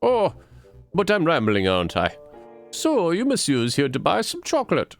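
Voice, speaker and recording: A man's voice: fairly high pitch, wildly swooping pitch, moderate pace, faint music behind, pitched above the performer's own voice. A man playing a gushing bird chocolatier with a put-on accent. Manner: flowery, overeager, put-on foreign accent. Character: gushing male bird chocolate shop owner.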